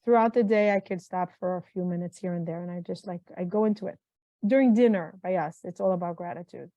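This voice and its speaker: A woman's voice: fairly low pitch, quick pace, mellow, dry recording. Earnest middle-aged woman, dull dry sound. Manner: earnest, heartfelt, repeats and restarts phrases. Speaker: guest, mental health consultant. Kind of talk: reflective interview conversation.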